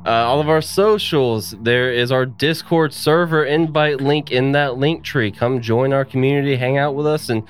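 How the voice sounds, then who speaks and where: A man's voice: medium pitch, moderate pace, hardly any pauses. Joking man reading podcast plugs. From US South. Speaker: podcast co-host. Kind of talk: casual podcast outro chat.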